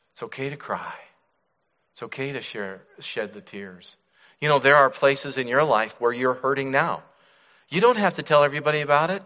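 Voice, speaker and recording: A middle-aged male pastor preaching a sermon, dropping to soft hushed tones and then rising with emphasis. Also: fairly high pitch. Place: church sanctuary. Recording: church hall reverb.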